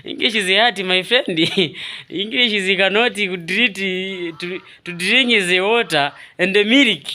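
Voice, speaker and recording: A man with a Swahili accent chatting casually in halting English, repeating words and laughing often. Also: sits high, bright, forceful tone. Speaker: vlogger. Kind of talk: casual chat in broken English.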